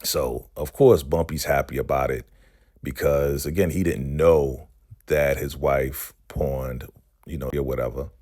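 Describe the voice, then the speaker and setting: A man's voice: extremely low pitch, fairly even intonation, measured pace, warm tone. A man casually recapping a TV episode in loose, slangy talk, tagging lines with "right?" and "you know".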